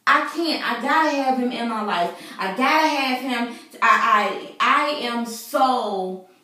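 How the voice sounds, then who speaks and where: A woman's voice: fairly high pitch, slow pace, sharp tone, distant mic. Earnest woman vlogger in echoey room. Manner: earnest, preachy, conversational with many fillers. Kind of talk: faith-centered personal talk to viewers. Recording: very echoey room, voice away from mic.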